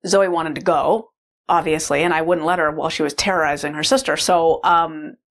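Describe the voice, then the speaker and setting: Low-voiced woman rambling through a story. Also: steady tone, brisk. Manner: rambling, heavy use of "like" fillers. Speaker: mother. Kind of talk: casual personal storytelling.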